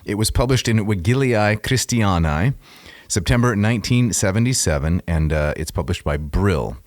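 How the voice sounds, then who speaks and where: Deep-voiced man co-hosting a scholarly podcast. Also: expressive, no echo, studio quality. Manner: measured, explanatory, reads out texts aloud. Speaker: podcast co-host. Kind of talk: casual scholarly discussion.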